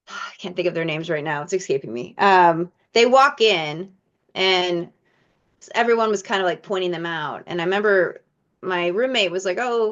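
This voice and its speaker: A woman actress from Michigan chatting in an interview, telling lively stories and acting out the lines of other people. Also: medium pitch, normal speed. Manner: animated storyteller, acts out quoted dialogue. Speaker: actress guest. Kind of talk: casual interview chat. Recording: muffled lo-fi audio.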